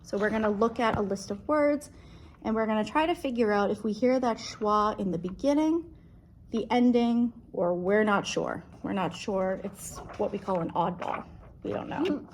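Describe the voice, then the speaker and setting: A woman's voice: mid-range voice, darkish tone. Patient teacher woman in an echoey room. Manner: patient, slow and clear, stretching out sounds. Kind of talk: one-on-one phonics lesson. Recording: echoey room, distant mic, background noise.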